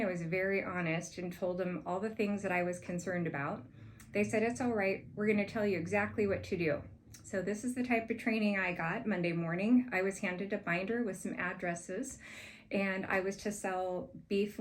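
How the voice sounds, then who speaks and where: A woman, a sales manager, tells an earnest personal story as part of a proposal pitch and gets animated as she recounts it. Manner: earnest, grows animated while retelling events.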